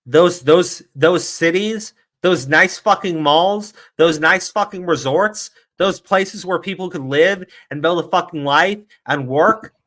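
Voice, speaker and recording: A man ranting on a stream, swearing constantly and dripping with sarcasm. His voice runs slightly high and cuts through bright and forceful. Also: slow, hardly any pauses. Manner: profane, heated, sarcastic. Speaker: streamer commentator. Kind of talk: ranting livestream commentary.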